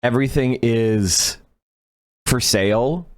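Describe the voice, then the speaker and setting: A man's voice: mid-range voice, slow pace, dry recording. A man giving blunt, profane political commentary on a livestream.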